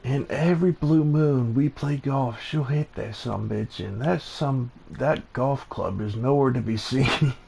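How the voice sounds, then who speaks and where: Gravelly laid-back man, faint hiss. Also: medium pitch, a little slow, hardly any pauses, warm tone. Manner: laid-back, profane, laughs often. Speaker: live stream host. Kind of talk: casual chat.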